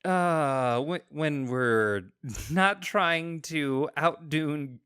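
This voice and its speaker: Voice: mid-range voice, drawn-out words, fairly bright tone, clear, resonant tone. A podcast co-host reviewing a film, sarcastic and exasperated, laughing often. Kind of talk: casual film review chat.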